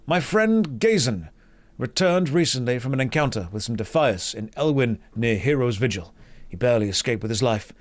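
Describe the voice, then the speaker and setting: A man's voice: medium pitch, expressive, moderate pace, natural voice. A man voicing a solemn, formal male quest giver of a holy order.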